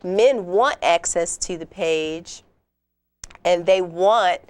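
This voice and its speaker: Woman guest on a talk show, lowish voice, dry close sound, earnest and sure of herself. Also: slow, no echo. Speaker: guest, women's group founder. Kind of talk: TV studio interview.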